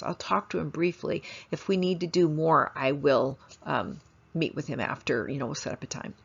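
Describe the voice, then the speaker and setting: A woman's voice: sits low, normal speed, creaky, breathy edge. A woman instructor telling stories in a lecture, acting out quoted voices as she goes. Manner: animated, acts out quoted voices in her stories. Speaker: family therapist and instructor. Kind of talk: storytelling lecture. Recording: dull lo-fi recording.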